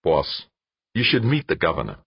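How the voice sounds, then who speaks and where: A man voicing a crafty, eager male PR director who talks in an insistent, excitable way. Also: low-pitched, normal speed, vocal fry, slightly rough, dry recording, exaggerated voice. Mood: persuasive. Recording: dull lo-fi dry recording.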